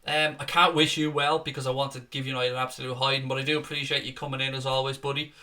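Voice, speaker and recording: A man's voice: mid-range voice, level tone, fast talker, bright, forceful tone. A man hosting a casual live stream, chatting, swearing freely and reading out viewer comments.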